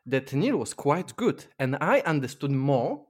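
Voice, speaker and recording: Lively man. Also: a little high, unhurried, breathy edge. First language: Polish. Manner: animated, playful teasing. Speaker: judge and co-host. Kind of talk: casual chat.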